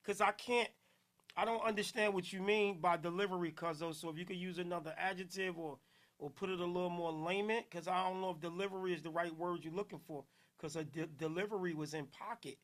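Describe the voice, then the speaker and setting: High-pitched playful man with a Jersey accent. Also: steady tone, brisk. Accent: New Jersey. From Newark, New Jersey. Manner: loud, playful, shouts out listeners, laughs often. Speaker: podcast host. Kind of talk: casual podcast chat.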